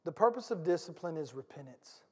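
A man preaching a sermon as pastor, talking conversationally, swinging from loud bursts to hushed asides and repeating phrases for emphasis. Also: on the high side, animated, a little fast, husky, in a large hall. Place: church sanctuary.

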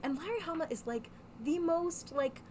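A woman's voice: very high-pitched, moderate pace, a little mellow, slight background noise. A woman who organizes a comic convention, chatting casually on a podcast with frequent "like" fillers.

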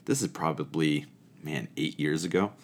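A man telling a story from his time as a camp counselor and reflecting on it spiritually, animated and expressive as he goes. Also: rumbling low, moderate pace. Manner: animated and expressive, acting out quoted people. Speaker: storyteller sharing a camp memory.

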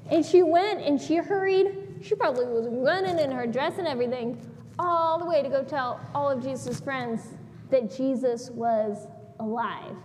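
Woman, children's sermon, high voice, slow, animated, questions the kids, church hall reverb. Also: slight background noise. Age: adult. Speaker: children's minister. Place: church sanctuary.

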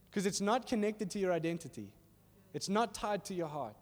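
A man preaching a sermon in a church hall in an animated, conversational way, often asking "are you with me?". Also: high-pitched, unhurried. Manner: animated and conversational, acting out little voices, asks "are you with me?". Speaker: pastor. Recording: reverberant hall.

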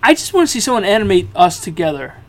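A man's voice: sits high, very animated, fast talker. Give me a playful man in his twenties teasing his co-host on a podcast. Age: 20s. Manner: teasing, playful, laughs at jokes. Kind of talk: casual chat.

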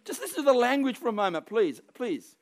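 A man preaching a sermon, emphatic and building to forceful peaks, acting out quoted voices along the way. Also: very high voice, sing-song, a little fast.

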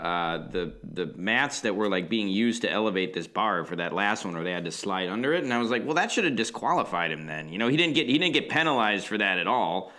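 A man's voice: lowish voice, lively intonation, fairly quick, hardly any pauses, pushed and bright. A man co-hosting a podcast, chatting casually and rambling with lots of restarts and fillers. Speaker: podcast co-host. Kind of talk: casual chat.

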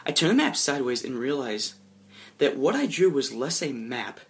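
A young man narrating his character's actions in a comedic tabletop role-play, chuckling as he goes. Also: medium pitch. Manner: animated, chuckling, drops into quick voiced asides.

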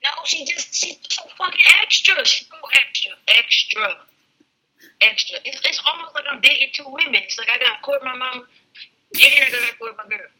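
Woman, brightly toned, blunt and profane, joking. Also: sits high, a little fast, breathy edge, low-quality recording. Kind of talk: casual chat.

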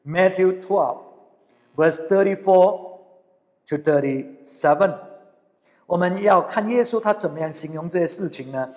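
A man preaching a bilingual sermon, earnest, repeating phrases and reading scripture slowly. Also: sits high, a little mellow, long reverb tail.

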